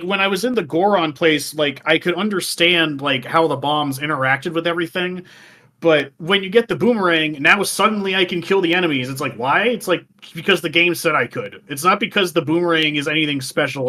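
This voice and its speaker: A man tells a story in casual chat, swearing freely and slipping into acted-out quotes. His voice sits fairly high and sounds bright and forceful. He comes across like a podcast co-host talking with friends.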